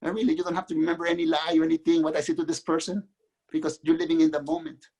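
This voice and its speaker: A middle-aged man from Mexico, a guest author, telling his own life story in an earnest, halting way with many restarts. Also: fairly high pitch, level tone, creaky, darkish tone. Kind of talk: candid personal storytelling.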